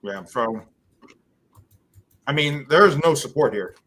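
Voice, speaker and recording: A man's voice: mid-range voice, expressive, slow, fairly bright tone, breathy edge. A man co-hosting a live trading stream, chatting casually and thinking aloud as he walks through charts, dropping in dude and man. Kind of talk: casual market chat.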